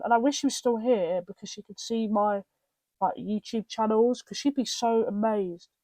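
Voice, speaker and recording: A woman's voice: medium pitch, no room sound. A young British woman hosting a podcast, telling personal stories in a rambling way, full of restarts and asides. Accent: British English. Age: young adult. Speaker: podcast host. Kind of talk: casual personal storytelling.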